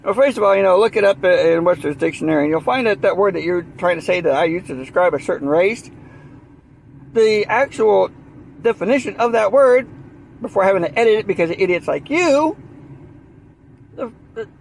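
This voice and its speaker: A man's voice: sits high, lively intonation, brisk, creaky, a little hiss or hum. A man with a Southern US accent in a heated, rambling monologue, repeating himself and leaning on fillers. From Southern United States. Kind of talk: ranting monologue.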